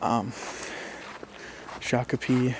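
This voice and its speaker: A young man with a Minnesotan accent, talking casually to his viewers in a relaxed, rambling way with plenty of fillers. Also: mid-range voice, very slow, noisy background. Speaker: YouTuber. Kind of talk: casual talk to camera.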